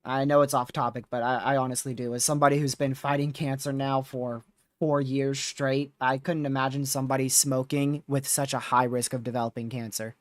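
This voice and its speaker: A man's voice: mid-range voice, flat delivery, brisk, no room sound. A man hosting a live severe-weather stream, talking casually with viewers while reading radar, his voice starting to wear out. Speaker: livestream host.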